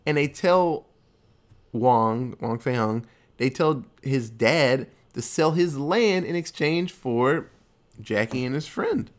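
A man talking through a movie plot in an easygoing, offhand way. He tells it loosely, packs it with fillers and curses freely. His voice sits at an ordinary middle pitch for a man. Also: slow pace. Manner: loose, animated retelling with many fillers and swearing. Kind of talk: casual movie recap.

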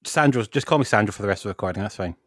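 A man's voice: on the low side, lively intonation, rapid-fire, a bit bright, no echo, studio quality. A Scottish man from Scotland, a guest on a gaming podcast, talking in an easygoing, rambling way. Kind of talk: casual podcast chat.

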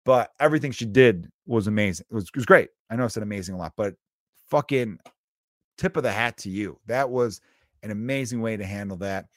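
A man's voice: lowish voice, a little fast, no echo, clean studio sound. A young man hosting a solo podcast, talking casually and bluntly, with plenty of swearing as he tells a story. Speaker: podcast host.

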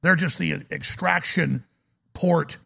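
Gravelly ranting talk radio host. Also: male voice, on the high side, steady tone, slow pace, sharp tone. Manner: ranting, stumbling restarts. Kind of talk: call-in talk radio monologue.

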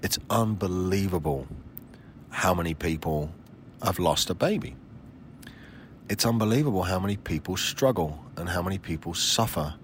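A man's voice: low-pitched, normal speed, slight background noise. A man in his forties hosting a solo podcast, talking in a blunt, emphatic way with frequent swearing. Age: 40s. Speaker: podcast host.

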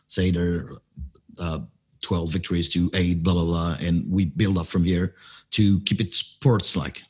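A man's voice: sits low, husky. A man from France with a French accent, a wrestling announcer and guest explaining at length and sometimes searching for words. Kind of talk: interview conversation.

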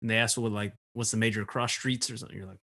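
A man co-hosting a podcast in casual chat, relaxed and jokey with some hesitation. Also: fairly low pitch, fast. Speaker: podcast co-host.

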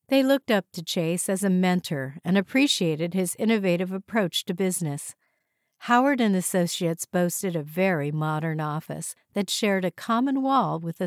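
A woman reading a novel aloud as audiobook narrator in an even, measured way. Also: on the low side, dry recording, studio quality.

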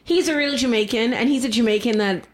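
A woman's voice: a little high, quick pace, a little hiss or hum. A young woman co-hosting a podcast in casual chat, chatty and opinionated, full of slang. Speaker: podcast co-host.

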